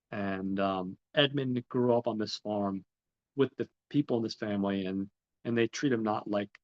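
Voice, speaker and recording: A man hosting a podcast, recapping a film in a rambling way with many ums and restarts. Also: lowish voice. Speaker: podcast host. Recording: slightly dull, lo-fi recording.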